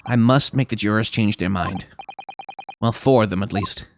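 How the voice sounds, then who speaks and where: A man's voice: lowish voice, moderate pace, music in the background, pitched below the performer's own voice, lightly acted. A man doing an anxious young defense lawyer. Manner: worried inner monologue.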